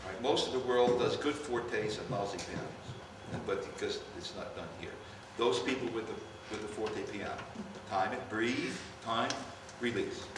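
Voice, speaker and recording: An older man conducting a band rehearsal, coaching players and calling out cues in an animated way. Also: lowish voice, unhurried, few pauses. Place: large rehearsal hall. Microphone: distant room mic. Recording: far-off echoey hall, noisy.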